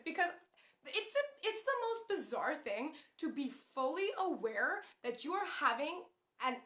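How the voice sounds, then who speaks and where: A young woman chatting to camera in a casual vlog, telling stories with animated, emotional energy and acting out quotes. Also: sits high, echoey room. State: pregnant. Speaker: vlogger.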